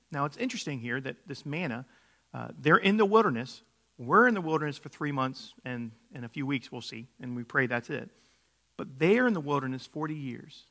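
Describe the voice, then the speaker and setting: A man's voice: fairly high pitch, a bit bright. A middle-aged man preaching a sermon, telling stories in a casual way, with many fillers and restarts. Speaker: pastor.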